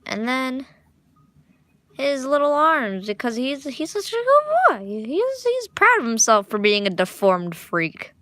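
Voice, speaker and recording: A woman's voice: high voice, huge pitch swings, unhurried, bright, forceful tone, no room sound. A young woman chatting casually at home while drawing, rambling, restarting, and poking fun at herself. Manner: rambling, self-mocking, restarts often. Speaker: art vlogger. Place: living room at home.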